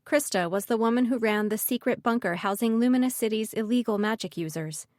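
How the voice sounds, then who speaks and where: A woman narrating a fantasy audiobook in an even, measured reading. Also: on the high side, no room sound, studio quality.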